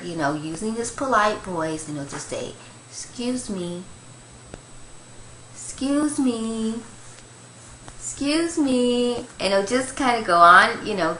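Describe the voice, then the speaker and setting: An older woman, a grandmother, giving a gentle, rambling devotional talk on Christian meditation, with many fillers. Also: mid-range voice, reverberant, slight background noise, poor audio.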